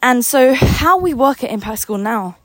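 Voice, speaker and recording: A woman's voice: a little high, lively intonation, normal speed, no echo. A young woman business coach giving an unscripted motivational talk, enthusiastic, a little out of breath, repeating words for emphasis. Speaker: business coach and company founder.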